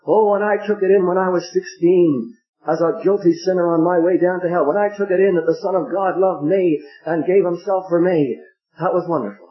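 An older man delivers a fervent, pleading evangelistic sermon in a somewhat high voice. His pitch swings widely for emphasis as he preaches. The recording is dull and lo-fi. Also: steady tone, a little fast.

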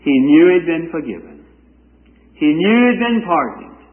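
High-voiced preacher in an echoey hall. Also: male voice, very animated. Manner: fervent, drawn-out scripture reading with a sing-song cadence. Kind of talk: sermon. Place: church service before a congregation. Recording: echoey hall on a tinny lo-fi recording.

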